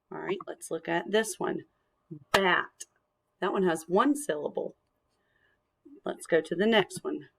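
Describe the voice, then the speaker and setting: A young woman teacher giving a recorded lesson to young children, gentle and encouraging, speaking slowly and clearly into a screencast mic. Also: lowish voice, noisy background. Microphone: screencast computer mic.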